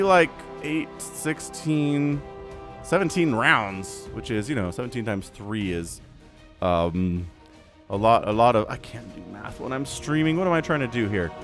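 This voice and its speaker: A man casting a strategy game match, animated and excitable, quickly voicing the players in asides. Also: mid-range voice. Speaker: game caster.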